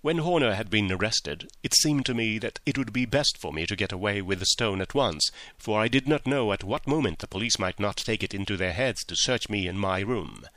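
Man voicing a frightened young male thief, frantic shrill begging, audiobook, dry close sound. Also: lively intonation, brisk, hardly any pauses, a bit bright, no echo. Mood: nervous confession. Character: terrified young male jewel thief, pleading. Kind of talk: audiobook character reading.

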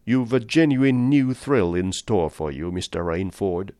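A man's voice: lowish voice, expressive, a little slow, mellow, no echo, clean studio sound. A man reading the part of a polished, amused and condescending aristocratic general with cold-blooded views. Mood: suave.

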